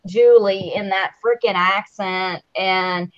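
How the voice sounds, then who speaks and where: A woman co-hosting a casual live-stream chat, animated and jokey. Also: mid-range voice, slow pace. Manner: animated, jokey, mimics houseguests. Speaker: podcast co-host. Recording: muffled lo-fi audio.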